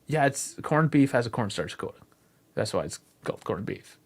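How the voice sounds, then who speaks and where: A man co-hosting a podcast in casual chat, blunt and quick with opinions, swearing freely. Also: mid-range voice, expressive. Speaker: podcast co-host.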